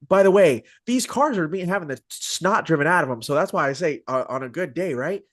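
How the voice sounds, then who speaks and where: A man's voice: on the high side, brisk, no echo, studio quality. Joking, slangy male podcast host. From Arizona. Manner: animated, joking, slangy storyteller. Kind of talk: casual interview chat.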